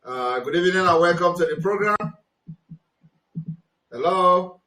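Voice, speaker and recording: A man hosting a live call-in show, loud and emphatic. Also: sits high, a little slow, roomy sound, low-quality recording.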